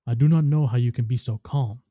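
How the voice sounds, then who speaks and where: A man's voice: medium pitch, a little fast, dry recording, muffled recording, natural voice. A man reading the lines of a worried, devoted robot warrior who speaks earnestly and carefully. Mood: concerned.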